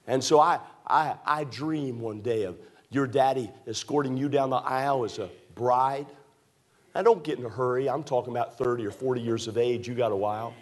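A man preaching a fervent sermon in a church, with a repetitive, rising cadence that climbs toward near shouts. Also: mid-range voice, moderate pace. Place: church sanctuary.

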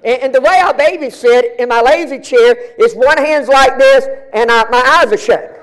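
A middle-aged male pastor tells a story during a sermon in an animated, colloquial way, frequently repeating and restarting his words. His voice is very high and his pace moderate.

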